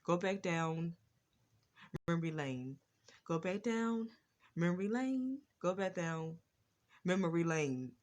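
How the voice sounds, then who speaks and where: A woman's voice: lowish voice, lively intonation, takes it slowly, long pauses, a little mellow. A woman vlogger talking to her viewers, stuttering at times and repeating words and phrases in an earnest, preachy way. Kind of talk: personal talk to camera.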